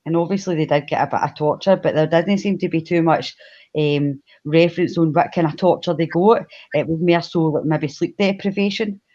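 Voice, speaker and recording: A Glaswegian co-host from Scotland tells a history story on a casual live stream, chatting, laughing frequently and saying hello to the chat. Her voice sits low and is mellow and brisk. The highs in the audio are cut off.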